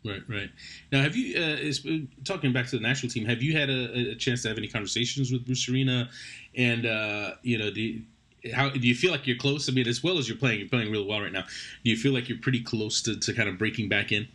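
Fast-talking rambling male sports host. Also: medium pitch, pushed and bright. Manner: rambling, repeats words as he restarts. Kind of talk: sports talk show interview.

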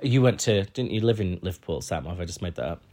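A man from Huddersfield with a Yorkshire accent, co-hosting a casual podcast chat, telling stories with deadpan jokes. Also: low-pitched, fast. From Huddersfield, England. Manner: chatty storyteller, deadpan jokes. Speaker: podcast co-host.

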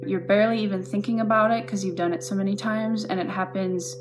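A woman's voice: medium pitch, steady tone, fast, few pauses, over music. A woman athlete describing her shooting and breathing rhythm in a vivid, reflective interview. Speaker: biathlete.

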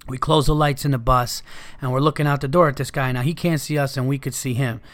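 A man swaps road stories in a loose, rambling way and drops profanity as he goes. His voice sits in an ordinary middle pitch, and he talks it through the way you'd tell a buddy what happened last night. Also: fairly even intonation, fast. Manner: rambling, profane, laid-back anecdotes. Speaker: podcast host. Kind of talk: casual storytelling.

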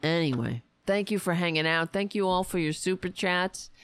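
A woman's voice: fairly low pitch, moderate pace, clean tone, no echo. A woman hosting a political livestream, blunt and sarcastic, outraged at politicians, tired and with a strained voice. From United States. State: tired, voice going. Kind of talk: casual livestream political commentary.

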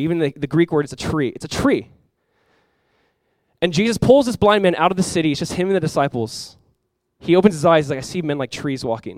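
A young adult man preaching a sermon as pastor, casual and animated, full of "like" asides. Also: fairly high pitch, no room sound. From South Florida.

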